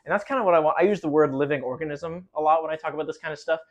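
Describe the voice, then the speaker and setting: A man's voice: on the high side, racing, highs cut off. A man teaching marching band choreography, explaining loosely with lots of fillers and counting steps aloud, a little out of breath from demonstrating.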